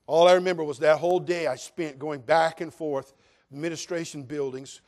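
A man's voice: a little high, steady tone, moderate pace, a little mellow. An older man from California, a pastor preaching a sermon in an earnest, direct way and addressing his listeners as friends.

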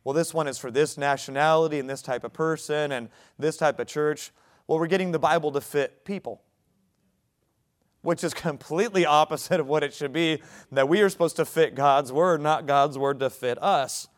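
A man's voice: a little high, moderate pace. A young adult male pastor preaching a sermon, talking conversationally and building to emphatic points.

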